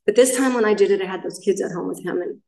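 A woman's voice: medium pitch, fast, vocal fry, a little mellow, far from the mic, a little hiss or hum. Middle-aged woman, main speaker at a recovery meeting; candid, rambling share with restarts; picked up from afar in a reverberant room. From Southern California. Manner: candid, rambling storytelling with self-corrections.

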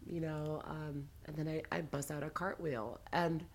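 A woman chatting casually as a podcast guest, telling animated, dramatic stories with sassy asides. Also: sits low, measured pace. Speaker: guest storyteller. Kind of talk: casual chat.

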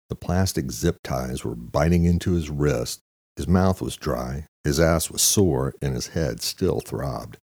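A man narrating an audiobook thriller chapter in a steady, even storytelling manner. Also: very deep voice, slightly rough, no room sound. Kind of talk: scripted narration.

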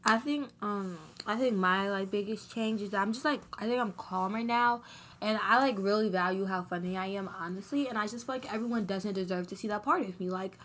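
A young woman in her late teens co-hosting a podcast, telling stories casually with slang and lively quoted asides. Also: medium pitch, fairly quick. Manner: animated, slangy storytelling. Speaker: podcast co-host. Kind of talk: casual chat.

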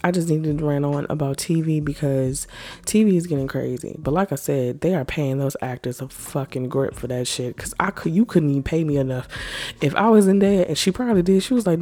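A young woman vlogger in a casual, animated, profane rant about TV shows, full of slang and swearing. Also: low voice, fairly quick.

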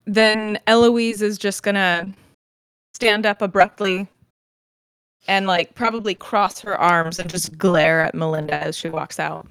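A woman's voice: medium pitch, steady tone, unhurried, fairly bright tone, smooth, dry recording, studio quality. A woman player casually describing her character's actions in a tabletop role-playing game. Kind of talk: tabletop role-play chat.

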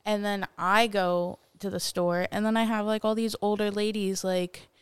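A woman's voice: mid-range voice, level tone, normal speed, smooth, no echo. A woman on a podcast telling annoyed anecdotes in a chatty, casual way. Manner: chatty, exasperated storytelling. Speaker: podcast host. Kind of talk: casual chat.

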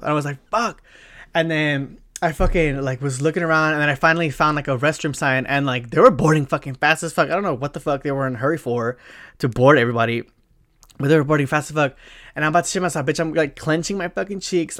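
A young man hosts his own podcast and tells an embarrassing story as a casual monologue, rambling and profane, full of fillers and slang. His voice is on the high side and a bit bright.

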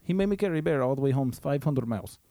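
Man playing a deadpan russian tough guy in a comedy sketch, mellow voice that swings around, clipped broken english, dry room. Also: medium pitch, racing, no echo, lightly acted. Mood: boastful. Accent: put-on Russian. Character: blunt, boastful Russian man Ivan, gruff and stubborn.

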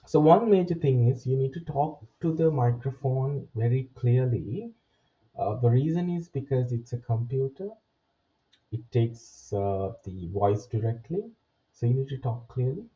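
A male teacher walks students through speaking-test tips step by step, pausing to check in with a quick "right?". He sits a little back from the mic, and the recording sounds dull and lo-fi. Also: medium pitch, warm tone. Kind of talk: spoken lesson. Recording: distant, muffled, lo-fi sound.

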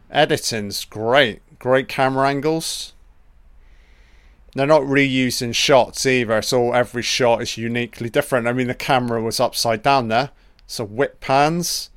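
A man hosting a casual film commentary, reacting excitably and swearing freely as the film plays. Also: medium pitch, clean tone, no room sound. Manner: profane, excitable running reactions.

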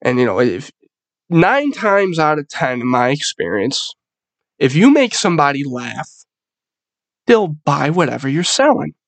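A man's voice: a little high, sing-song, a little slow, no room sound. Profane young man telling a story. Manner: profane, rambling, laughing storyteller. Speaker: podcast host. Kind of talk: casual storytelling monologue.

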